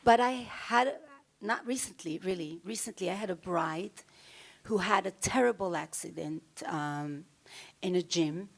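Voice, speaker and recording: Gravelly-voiced woman telling stories. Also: fairly low pitch, unhurried. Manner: animated, acts out other people's lines in the stories; casual, with fillers and restarts. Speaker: fashion designer giving an onstage interview. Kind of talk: anecdotal storytelling.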